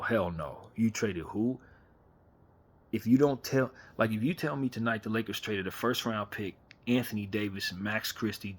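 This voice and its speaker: Hosting a casual late-night fan chat on camera, a man speaks animatedly and rhetorically, often repeating himself. His voice is fairly low and a bit bright.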